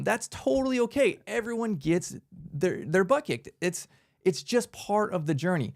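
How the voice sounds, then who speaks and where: A man hosting a motivational business workshop, talking in a casual, energetic way and often tagging lines with "man" and "right?". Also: high-pitched, normal speed, vocal fry. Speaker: workshop host.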